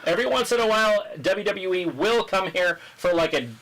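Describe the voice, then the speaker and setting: A man with a somewhat high voice hosts a casual wrestling watch-along. He is going hoarse, chats loosely and drops jokey asides between viewer comments. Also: brisk, a bit bright, low-quality recording. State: losing his voice. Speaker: livestream host.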